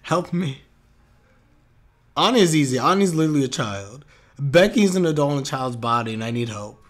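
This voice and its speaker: A man's voice: medium pitch, animated, a little fast. A man reacting live to an anime episode on his stream, chatty and openly emotional.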